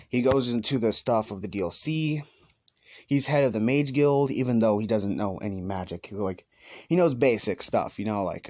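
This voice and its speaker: A man's voice: fairly low pitch, darkish tone, no echo. A man casually retelling a fan story, rambling with lots of "like" and "let's just say," sometimes walking around as he talks.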